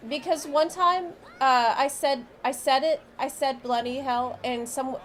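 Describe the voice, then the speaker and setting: A woman's voice: high voice, fairly even intonation, unhurried, a little hiss or hum. A woman streamer chatting casually with her viewers, rambling and often cutting herself off mid-sentence. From United States. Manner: chatty, rambling, self-interrupting.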